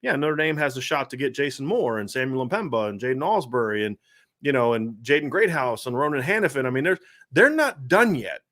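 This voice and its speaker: A man's voice: mid-range voice, big pitch swings, brisk, a bit bright. A man hosting a sports talk podcast, chatting casually and rambling with lots of filler words. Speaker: podcast host.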